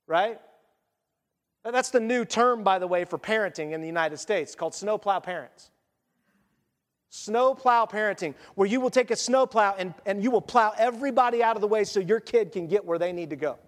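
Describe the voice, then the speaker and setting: High-voiced preacher in a reverberant hall. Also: male voice. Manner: conversational, animated preaching with quick asides. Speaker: pastor. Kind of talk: sermon.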